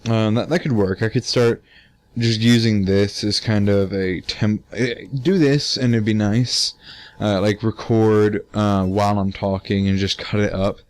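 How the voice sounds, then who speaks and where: A man's voice: on the low side, fairly even intonation, measured pace, a little mellow, dry recording. A teenage man giving casual gameplay commentary, tired, rambling with many fillers and restarts and casual swearing. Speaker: let's play gamer.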